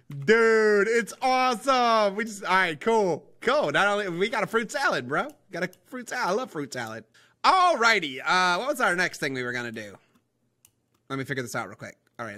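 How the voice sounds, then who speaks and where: An excitable young man rambles through his gameplay, calling out to his viewers as he builds. His voice sits high and swoops all over, with a very bright, forceful edge. Keys clack now and then behind him. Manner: excitable, rambling, talks to viewers as guys and boys. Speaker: gaming video host. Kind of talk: casual let's-play commentary.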